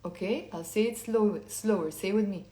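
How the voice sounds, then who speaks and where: A woman teaching a language lesson, explaining step by step and repeating words slowly for learners to say along. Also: mid-range voice, mellow, roomy sound. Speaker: Lebanese Arabic teacher.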